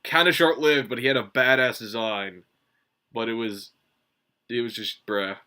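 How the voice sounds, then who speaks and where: Bright-voiced man rambling casually. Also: mid-range voice, fairly even intonation, measured pace. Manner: rambling, profane, many fillers and restarts. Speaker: manga reviewer. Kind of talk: casual solo review commentary.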